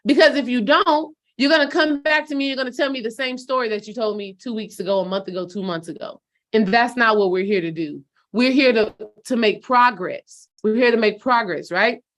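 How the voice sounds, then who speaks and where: A woman's voice: a little high, a bit bright. A woman spiritual coach giving a casual motivational talk to her followers, direct and preachy, calling them sis and baby.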